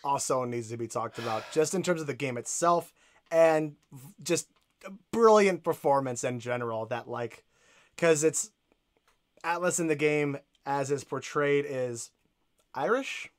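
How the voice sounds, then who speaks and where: A man's voice: on the high side, a little slow. A man co-hosting a casual podcast, eager and rambling, often searching for words. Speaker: podcast co-host.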